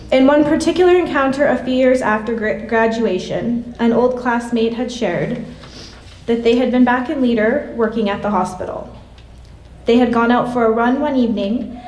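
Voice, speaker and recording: A woman's voice: on the high side, a little mellow. Woman reading a eulogy in an echoey church. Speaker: classmate giving a memorial tribute. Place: church hall. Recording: echoey hall from a distance.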